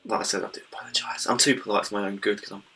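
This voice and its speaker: A man's voice: lowish voice, steady tone, racing, pushed and bright, faint music behind. A young British man chatting casually over his gameplay, rambling and apologizing in a self-deprecating way. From Britain. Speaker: gaming YouTuber. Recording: distant mic with faint background noise.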